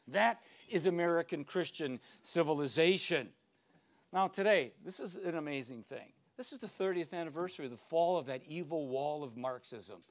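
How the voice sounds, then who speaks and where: Older man, high voice, emphatic lecture delivery with dramatic pauses. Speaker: speaker.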